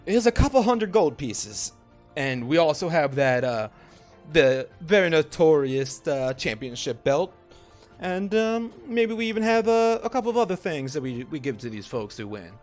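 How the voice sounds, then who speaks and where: A man voicing a flamboyant male arena promoter with a high, drawling showman voice. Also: sing-song, moderate pace, a little mellow, faint music behind. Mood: boastful.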